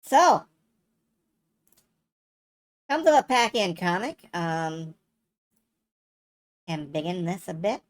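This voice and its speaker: Low-voiced woman streamer with chatty, wry commentary for a live stream. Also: very animated, slow, pauses often. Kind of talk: casual live-stream chat.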